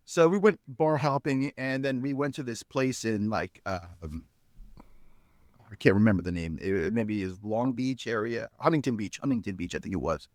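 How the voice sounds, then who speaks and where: A man's voice: moderate pace, no echo, clean studio sound. A middle-aged man, a podcast guest, telling stories in a casual interview and acting out the people he quotes, with a lot of "you know" in his speech. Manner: animated storyteller, acts out quoted dialogue with jumps in pitch; lots of "you know" fillers. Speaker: podcast guest, spirits company founder.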